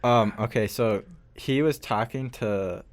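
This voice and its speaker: A man's voice: medium pitch, slow pace. A young man, a college hockey player, telling stories in a laid-back way and laughing a lot during a casual interview. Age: young adult.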